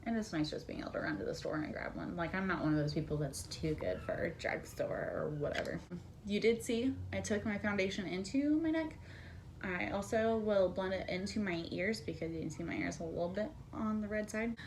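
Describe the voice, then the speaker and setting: A woman's voice: medium pitch, a little fast, a little mellow, a little hiss or hum. A young woman at home chatting candidly through a casual makeup tutorial. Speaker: beauty vlogger.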